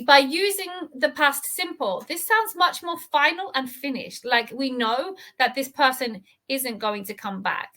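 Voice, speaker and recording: Woman, English teacher; slightly high, bright voice; careful, patient explaining. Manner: explains words slowly and carefully, stretching key terms. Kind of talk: reading lesson with explanations.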